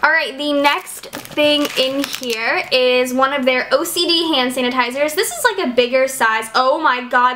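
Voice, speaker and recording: High, bright, gushing young woman. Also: normal speed. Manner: gushing, excitable, lots of "like" and "oh my gosh". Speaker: beauty vlogger. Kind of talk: casual unboxing chat. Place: home.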